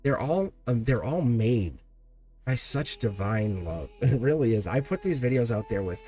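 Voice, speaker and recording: A middle-aged man giving an earnest, animated live tarot reading, addressing the viewer directly and often breaking off mid-sentence. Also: moderate pace, faint music behind. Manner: earnest and animated, swinging pitch, frequent laughs and self-interruptions. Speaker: tarot reader.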